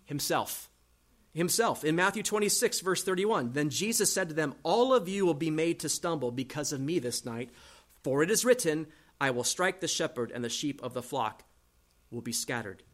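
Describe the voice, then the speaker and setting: A man preaching an expository sermon. He reads scripture aloud slowly and swings between loud emphasis and soft asides. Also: on the high side, expressive. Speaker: pastor.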